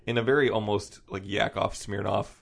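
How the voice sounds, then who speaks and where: Casting: gravelly-voiced co-host, dry amused delivery. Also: low voice, fairly even intonation, brisk. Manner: wry, amused. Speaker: podcast co-host. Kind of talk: casual chat recapping a cartoon.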